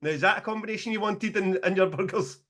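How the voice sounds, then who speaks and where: A Scottish man chatting on a podcast with a fairly high voice. He tells stories with lots of energy, swears freely and keeps breaking into laughter. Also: fast. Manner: animated, sweary, laughing storyteller. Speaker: podcast co-host, promoter. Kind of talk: casual podcast chat.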